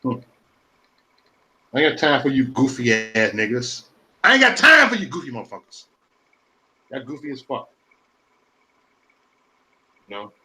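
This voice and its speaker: A man's voice: medium pitch, very animated, unhurried, long pauses, pushed and bright. A man in his forties hosting a live stream, ranting in a profane, repetitive and confrontational way. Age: 40s.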